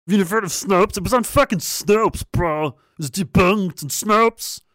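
A man's voice: high voice, normal speed, fairly bright tone, no echo, clean studio sound, voice pushed up. A man putting on the voice of a smug, condescending know-it-all who keeps repeating himself.

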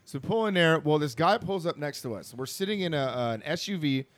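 A man's voice: fairly high pitch, lively intonation, quick pace, dry recording. A man casually telling a rowdy story to friends, swearing a lot, acting out voices and laughing as he goes. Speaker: podcast co-host telling a story.

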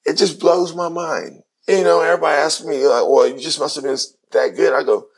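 A man's voice: on the high side, fairly even intonation, brisk, gravelly, breathy edge. A middle-aged man, a former basketball player, telling his story in an interview, acting out the voices of people he quotes.

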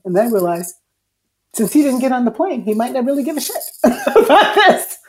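A woman guest speaks candidly in an interview, in a mid-range voice. She is plain-spoken and curses now and then, and her delivery swings between hushed and loud. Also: medium pitch, expressive, brisk. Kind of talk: candid personal storytelling.

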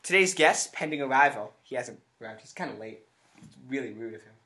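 A man's voice: mid-range voice, expressive, a little fast, bright, forceful tone. Joking young man hosting a podcast. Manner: joking, laughs often. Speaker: podcast co-host. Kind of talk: casual chat. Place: home basement.

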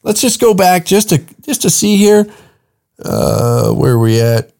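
A man's voice: mid-range voice, big pitch swings, slow, gravelly, dark tone. A man hosting a comedy podcast, ranting in an exasperated, profane way. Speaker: podcast host.

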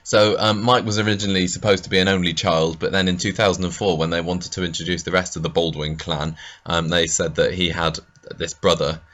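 An easygoing man co-hosting a podcast, with a very deep, low-pitched voice. He chuckles often and leans on fillers as he thinks aloud. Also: flat delivery, a little fast, few pauses, fairly bright tone. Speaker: podcast co-host. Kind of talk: casual podcast chat.

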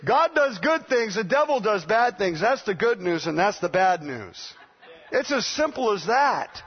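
A man's voice: sits high, sing-song, unhurried, breathy edge, muffled recording. A middle-aged man preaching a sermon as pastor, playful and laughing, acting out the voices of others.

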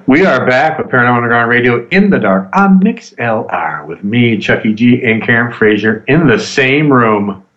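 Animated man hosting live radio. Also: mid-range voice, muffled recording. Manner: animated storytelling, quick laughs. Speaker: radio show host. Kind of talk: casual live radio chat. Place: live broadcast from a hotel.

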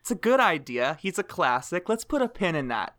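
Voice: mid-range voice, sing-song, brisk, fairly bright tone. A co-host on a casual movie podcast, speaking with dry, sarcastic humor. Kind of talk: casual movie-talk chat.

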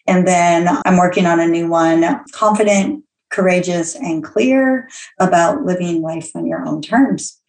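Gravelly woman in an echoey room. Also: on the low side, unhurried, a little mellow. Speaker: guest, coach and teacher. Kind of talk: casual chat.

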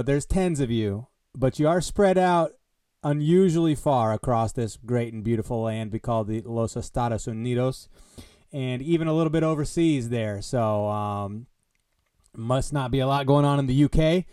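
Guy from the midwest rambling on his solo comedy podcast, jokey and mock-grand, clean clear voice. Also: medium pitch, unhurried, darkish tone, no echo, studio quality. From American Midwest. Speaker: podcast host. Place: Des Moines. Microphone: headphones on, home podcast mic.

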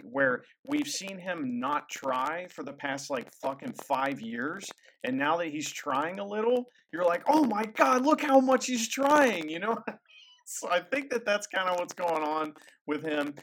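Relaxed higher-voiced man, faint noise. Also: low-quality recording. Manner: relaxed, reflective, swears casually. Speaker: podcast co-host. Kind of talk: casual chat.

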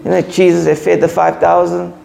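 Male preacher, emphatic sermon delivery, high voice with gravel, faint music behind. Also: flat delivery, fairly quick, mellow, a little hiss or hum. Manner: emphatic, repetitive, joking asides.

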